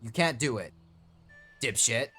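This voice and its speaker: A man's voice: mid-range voice, expressive, a little slow, pushed and bright, faint music behind, voice pushed down. A man voicing a defiant male wizard who boasts and swears at his foe in a casual way.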